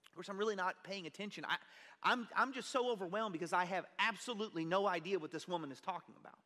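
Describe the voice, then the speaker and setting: A pastor preaching a sermon, telling a personal story in an earnest, conversational way. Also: male voice, high voice, fast talker, sharp tone. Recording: long reverb of a large hall.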